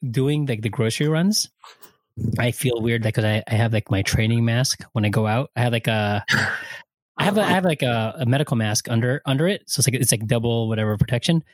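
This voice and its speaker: A man's voice: mid-range voice, no echo. A man chatting casually on a podcast, joking and rambling as he talks. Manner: joking, quick to laugh, rambling. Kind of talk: casual chat. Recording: dry close sound.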